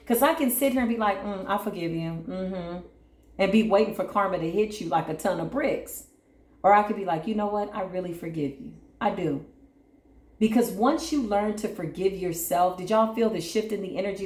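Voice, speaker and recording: A woman's voice: lowish voice, a little mellow, roomy sound. A woman giving a tarot reading on her channel, soothing and repetitive, often checking in with "right?". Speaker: tarot reader.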